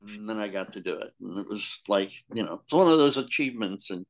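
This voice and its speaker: A man's voice: fairly low pitch, expressive, fast talker, gravelly. An older man, a guest in a casual talk, telling long rambling stories with frequent laughs. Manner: rambling storyteller, laughs often, acts out quotes. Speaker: podcast guest, comics editor. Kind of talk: casual chat, anecdotes.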